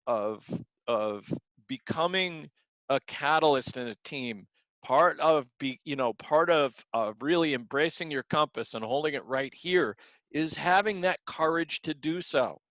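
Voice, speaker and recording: A man teaching a martial arts class gives an earnest, motivational talk, repeating words as he acts out examples. His voice is on the high side, pushed and bright, with no echo, though the recording sounds dull and lo-fi.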